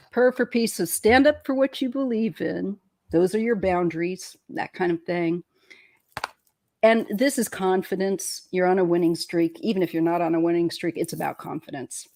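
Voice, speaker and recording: A woman's voice: lowish voice, unhurried, long pauses, a little mellow, a little hiss or hum. A woman guest reading oracle card messages aloud in a playful, joking way. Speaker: tarot reader guest.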